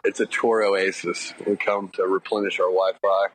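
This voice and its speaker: A man's voice: sits low, level tone, moderate pace, a little hiss or hum, poor audio. A man who is a guest band singer, laid-back and friendly, talking from a coffee shop. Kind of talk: casual phone-style chat. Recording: busy coffee shop crowd behind.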